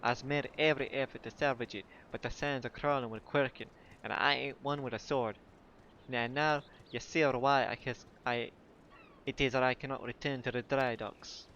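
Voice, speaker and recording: A man's voice: medium pitch, steady tone, normal speed, a bit bright, dull audio, slight background noise, natural voice. A man voicing a flustered male dockhand in a fumbling put-on sailor accent, reading a game's dialogue. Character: flustered male dockhand, clumsy non-fighter.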